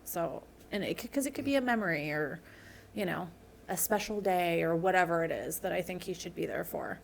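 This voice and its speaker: Woman with a low gravelly voice. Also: animated, brisk. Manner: earnest, personal storytelling. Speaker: podcast guest. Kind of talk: candid interview conversation. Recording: faint background noise.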